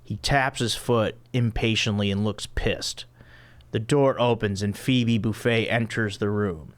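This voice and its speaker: Smooth-voiced man reading a script deadpan. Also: on the low side, unhurried. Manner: deadpan, reading stage directions. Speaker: podcast host. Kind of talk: reading a comic script aloud.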